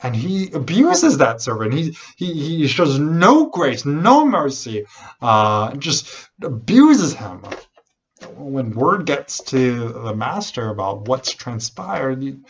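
A man preaching a sermon, animated and unhurried, often restarting his phrases. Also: medium pitch, slightly rough, dull audio. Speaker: pastor.

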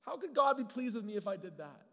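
A man's voice: high-pitched, very animated, fast talker, a bit bright, in a large hall, voice pushed up, exaggerated voice. A man voicing a grieving older male priest who pleads in anguish over his own unworthiness.

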